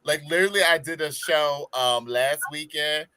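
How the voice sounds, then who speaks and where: Man from Maryland, drag performer, casual podcast chat, sassy put-on voices, slightly high voice. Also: normal speed, very noisy.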